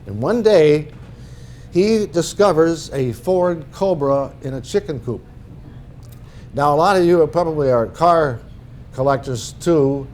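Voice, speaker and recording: A man's voice: a little high, measured pace, darkish tone, a little hiss or hum. A middle-aged man from northern Minnesota giving a talk as an author, telling humorous anecdotes in a folksy way. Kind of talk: storytelling presentation.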